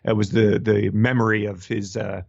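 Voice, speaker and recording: A man's voice: lowish voice, level tone, moderate pace, vocal fry, darkish tone, dry recording, muffled recording. A man co-hosting a podcast in casual chat, wry and rambling, laughing often. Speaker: podcast co-host.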